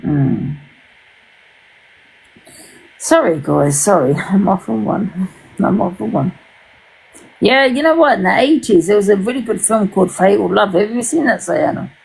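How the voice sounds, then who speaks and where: A woman's voice: medium pitch, sing-song, moderate pace, vocal fry, long pauses, darkish tone, slightly rough, poor audio. A woman hosting a casual livestream chat, rambling and swearing freely, with many restarts.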